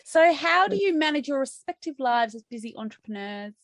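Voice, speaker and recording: A woman's voice: high voice, very animated, a little fast. A woman hosting her podcast in a conversational interview, chatty, with self-deprecating asides. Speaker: podcast host.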